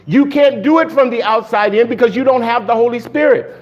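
A male pastor preaching a sermon in an animated way, laughing often and shouting for emphasis. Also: very high-pitched, brisk, highs cut off.

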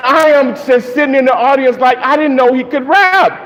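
A man's voice: extremely high pitch, normal speed, few pauses. A man, a pastor, animatedly telling a funny dream story to his congregation, laughing and acting out the crowd. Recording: long reverb, dull lo-fi sound, faint noise.

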